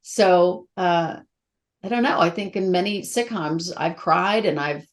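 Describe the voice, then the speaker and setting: A middle-aged actress speaking as a guest in a casual interview, candid and emotional, telling stories with a lot of feeling. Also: female voice, on the low side, a little slow. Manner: candid, emotional, animated storytelling.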